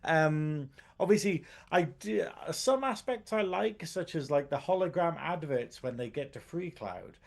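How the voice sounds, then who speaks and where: A man's voice: a little high, expressive, measured pace, creaky, few pauses. A man co-hosting a casual TV review podcast, rambling and swearing as he talks. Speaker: podcast co-host.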